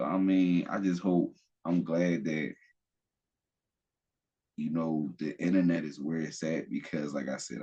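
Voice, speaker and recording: A man's voice: rumbling low, gravelly, darkish tone, husky, lo-fi sound. A man hosting a podcast, talking bluntly and profanely in a rambling, casual way with frequent restarts. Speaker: podcast host. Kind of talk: casual opinion talk.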